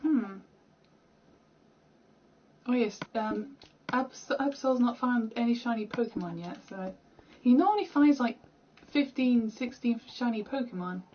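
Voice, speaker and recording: A woman's voice: on the high side, unhurried, dull audio, slight background noise. A young British woman chatting casually and rambling while she plays a game, laughing at herself, recorded at home. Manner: rambling, chatty, self-deprecating. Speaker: gaming streamer.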